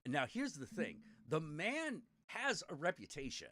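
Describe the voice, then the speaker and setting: Animated, bright-voiced man telling stories. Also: fairly high pitch, moderate pace, dry recording. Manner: animated, swearing, laughing storyteller. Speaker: podcast host. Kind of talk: casual storytelling chat.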